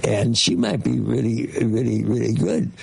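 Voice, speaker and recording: Gravelly older man telling rambling stories. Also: mid-range voice, normal speed, dry recording, poor audio. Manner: rambling storyteller with many fillers and restarts; lively, mimics voices in his stories. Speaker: guest. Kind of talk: casual anecdote telling.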